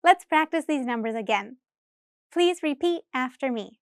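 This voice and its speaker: A woman teaching English number pronunciation, counting clearly and deliberately for learners to repeat. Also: sits high, animated, no echo, studio quality. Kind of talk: slow, careful pronunciation lesson.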